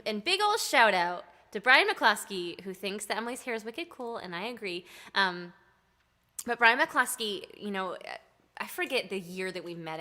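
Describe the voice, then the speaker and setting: A woman singer-songwriter chatting casually on a live stream, thanking fans with frequent "um"s and soft laughs. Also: fairly low pitch. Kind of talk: casual chat between songs.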